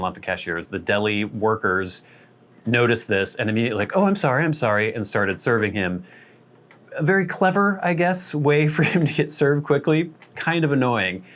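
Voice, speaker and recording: A man's voice: lowish voice, normal speed, fairly bright tone. A man hosting his vlog, telling a rambling, wry, self-deprecating story in a casual way. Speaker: vlog host.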